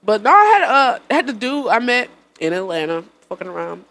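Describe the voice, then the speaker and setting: A young woman from the Detroit suburbs chats casually, laughing often as she tells stories. Her pitch rises and falls widely, and she slips into put-on voices for the people she quotes. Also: sing-song, fairly quick, a bit bright. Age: young adult. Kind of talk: casual podcast chat.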